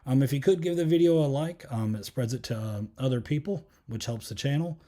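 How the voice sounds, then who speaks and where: A man's voice: mid-range voice, brisk, dark tone. A man hosting a podcast, giving a casual solo film review in a rambling way, full of fillers and restarts. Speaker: podcast host.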